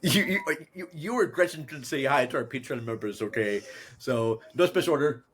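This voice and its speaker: A man's voice: medium pitch, lively intonation, a bit bright, a little hiss or hum. Rambling man hosting a podcast. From Minnesota. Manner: rambling, halting, restarts with many fillers. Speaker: podcast host. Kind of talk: casual podcast chat.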